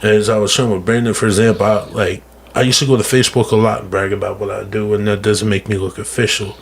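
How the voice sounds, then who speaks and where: A lower-pitched man talking earnestly as a guest on a podcast. He is emphatic and casual, restarts his sentences and keeps saying "bro." A faint hiss sits under his voice. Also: flat delivery, quick pace, creaky. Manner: emphatic, repeats words, says "bro" and "man". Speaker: guest speaker on mental health. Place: podcast studio.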